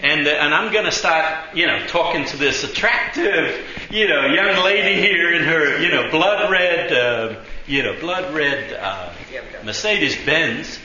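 A man's voice: a little high, expressive, unhurried, few pauses, pushed and bright, dull audio. Chatty man preaching in an echoey room. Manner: chatty, full of "you know", acts out voices in the story. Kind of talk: sermon with storytelling.

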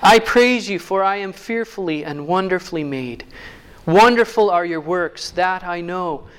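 A man with a fairly high voice preaching a sermon. He reads scripture in slow, weighty phrases and then slips into easy, joking asides. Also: animated, clear, resonant tone. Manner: reads scripture slowly, then jokes warmly with the crowd.

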